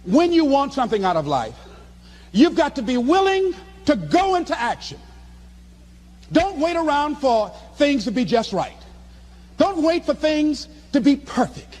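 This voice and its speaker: A man giving a motivational speech to an audience, preacherly and animated, acting out little dialogues with chuckles. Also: very high voice, measured pace. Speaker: motivational speaker.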